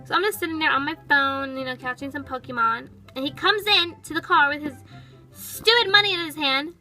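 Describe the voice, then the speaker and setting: A woman's voice: sits high, a little fast, sharp tone, faint music behind, poor audio. A woman voicing a sassy, impatient pet toy girl, narrating a toy storytime with sarcastic, valley-girl chatter.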